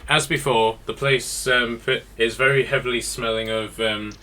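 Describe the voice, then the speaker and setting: A man's voice: medium pitch, fairly even intonation, moderate pace, sharp tone. A man running a tabletop game as game master, narrating scenes with many ums and restarts.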